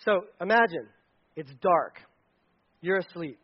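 Guy preaching, high voice, really animated storytelling, kinda dull lo-fi sound. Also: measured pace, breathy edge. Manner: animated storytelling with acted-out quotes. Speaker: pastor. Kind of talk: sermon.

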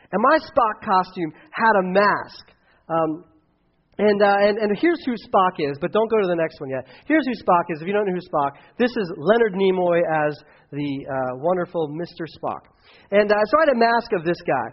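A man in his thirties preaching to a youth group, his voice sitting high and a little bright for a man. He rambles, stumbles over restarts and bursts into loud shouts as he acts out a story. The recording sounds dull and lo-fi, with muffled highs. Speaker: youth pastor. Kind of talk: casual youth sermon with a personal story.

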